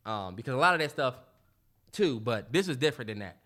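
A man's voice: medium pitch, expressive, brisk, bright, forceful tone. A man co-hosting a podcast in casual chat, talking animatedly and emphatically with lots of slang and filler ums. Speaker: podcast co-host.

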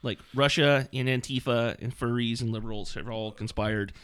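Male host, bright tone, casual, mock-reads passages with laughs and fillers. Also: mid-range voice, steady tone, moderate pace, clean tone. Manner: mocking, laughing while reading, many fillers. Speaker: podcast host reading a book aloud. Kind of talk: casual chat, reading passages aloud.

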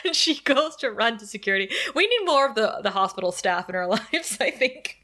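A woman's voice: medium pitch, sing-song, fairly quick, bright, forceful tone. A woman co-hosting a podcast, animatedly retelling an episode, laughing often and acting out the characters' lines. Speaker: podcast co-host. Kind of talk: casual recap chat.

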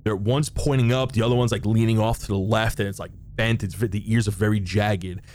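Acting as game master for a tabletop role-playing game, a man narrates scenes with frequent fillers and restarts. His lowish voice is steady, brisk, and a little mellow, with some hiss or hum in the background.

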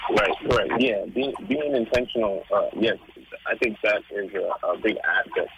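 A man's voice: on the low side, normal speed, highs cut off, noisy background. A man, a former boxer and fitness coach, explaining exercise and diet on a radio show with many "um"s and "right?"s. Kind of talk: casual radio interview.

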